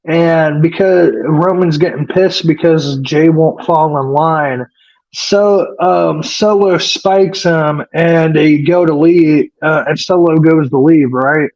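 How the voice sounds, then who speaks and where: A wrestling podcast co-host with a high, slightly mellow voice recaps an episode in loose, casual chat, rambling, swearing freely and leaning on fillers. The recording sounds dull and lo-fi.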